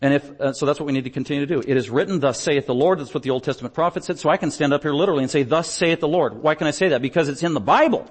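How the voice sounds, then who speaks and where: A man preaching a sermon as pastor, emphatic, swinging between loud declarations and quiet asides. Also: a little high, racing, hardly any pauses, husky. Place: church stage.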